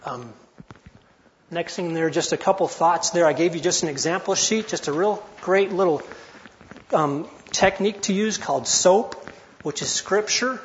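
A man in his forties with a somewhat high voice teaches in an earnest, chatty manner, often backing up to restart his sentences. His voice rings in a reverberant hall, and the recording sounds a little dull and muffled. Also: normal speed, a little hiss or hum. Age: 40s. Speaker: Bible study teacher. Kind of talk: informal teaching talk.

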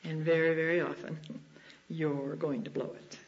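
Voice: mid-range voice, flat delivery, a little slow. Storytelling chapel speaker, dull lo-fi sound. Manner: storytelling, shifting pace. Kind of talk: devotional talk. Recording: slightly dull lo-fi recording.

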